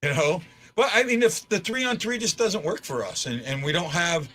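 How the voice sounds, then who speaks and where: A man hosting a casual fan post-game chat, his voice a little higher than most men's and very bright. He stumbles and restarts his words often as he talks things through, moving between disbelief and excitement. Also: normal speed, slight background noise. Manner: swings from stunned to excited.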